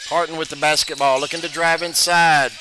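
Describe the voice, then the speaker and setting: A man calls play-by-play for a high school basketball game, zipping through passes and getting louder when shots go in. Noisy gym ambience sits behind his voice.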